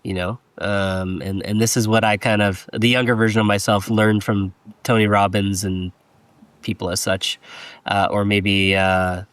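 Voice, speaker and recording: A man with a low voice speaks hesitantly, stopping and restarting as he looks for words. The recording is dry and close. It is a casual podcast chat. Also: flat delivery, a little slow, a bit bright, no room sound. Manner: hesitant, many fillers and restarts.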